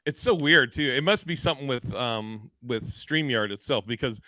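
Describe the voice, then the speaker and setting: A man hosting a casual video-call chat among comedians, telling animated stories and acting out the voices in them. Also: mid-range voice, normal speed, no room sound. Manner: animated storyteller, acts out voices in anecdotes. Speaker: podcast host.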